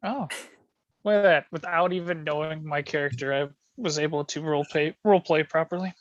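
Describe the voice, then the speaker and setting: A man's voice: on the high side, steady tone, fairly quick, no echo. A man in a casual board game discussion, laid-back and laughing easily. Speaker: board game group member. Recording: dry, dull lo-fi mic.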